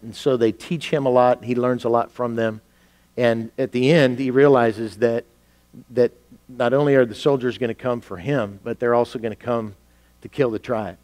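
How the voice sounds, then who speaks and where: A man's voice: mid-range voice, a little mellow. A middle-aged man preaching a sermon, telling a story earnestly with frequent restarts. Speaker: pastor. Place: church sanctuary.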